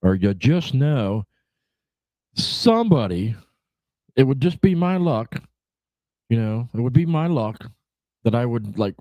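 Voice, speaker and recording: A man's voice: medium pitch, very animated, slow, pauses often, no room sound, muffled recording. A man hosting a casual livestream chat show, rambling and laid-back, swearing freely, with lots of "you know" fillers. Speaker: podcast host.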